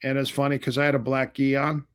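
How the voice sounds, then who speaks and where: A man's voice: medium pitch, quick pace, clean tone. A middle-aged man, a martial arts instructor, casually telling stories in an interview and acting out the dialogue. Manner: animated storyteller acting out quoted dialogue.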